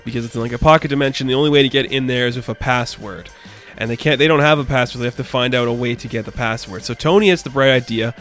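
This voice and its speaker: A man casually recapping a comic book issue, rambling and animated, with many filler words and quick put-on quotes. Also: medium pitch, soft background music.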